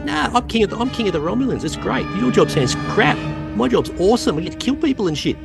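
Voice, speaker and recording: A man's voice: high voice, animated, quick pace, vocal fry, music in the background, pitched above the performer's own voice. A man with an Australian accent voicing a boastful, rude male alien villain king who brags and insults people. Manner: cocky, insulting, breezy.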